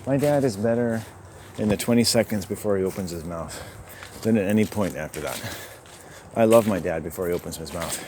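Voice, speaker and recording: A man rambling to himself in a solo vlog while out hiking, musing and swinging between quiet and loud. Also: low-pitched, fairly quick, a little hiss or hum. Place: outdoors on a hiking trail.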